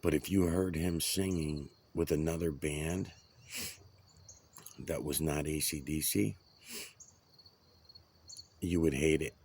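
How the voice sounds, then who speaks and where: A man's voice: very deep voice, fairly even intonation, slow, pauses often, darkish tone, husky. A man rambling and ranting outdoors, swearing often. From United States. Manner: profane, ranting. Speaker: vlogger.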